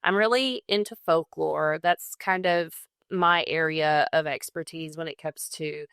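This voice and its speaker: A woman's voice: sits low, a little slow, a bit bright, smooth, no echo, clean studio sound. A young woman with a Southern accent, casually telling a folklore story on a podcast and laughing often. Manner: chatty, laughs often, enthusiastic about folklore. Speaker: guest co-host.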